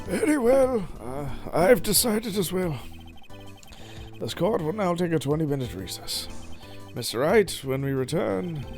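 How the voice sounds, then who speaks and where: A man's voice: a little high, darkish tone, pitched above the performer's own voice, heavily acted. A man voicing a flustered old male judge in a raised, quavering voice.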